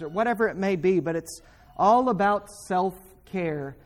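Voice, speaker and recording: A male preacher delivers a fervent sermon. He speaks directly to his listeners, and his voice rises into sharp, emphatic bursts on the points he stresses most. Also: high-pitched, lively intonation, unhurried.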